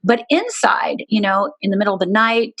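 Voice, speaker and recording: A middle-aged woman, a guest in an interview, telling a deeply personal story in an earnest, candid way with many "you know"s. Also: expressive, normal speed, a bit bright.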